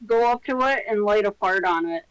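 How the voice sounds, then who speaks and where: A playful woman playing a tabletop game giggles through her crude jokes. Her voice sits at mid pitch and sounds dry and close to the mic. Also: a little fast, clear, resonant tone, dry recording, rough recording. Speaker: player. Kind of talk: casual tabletop play.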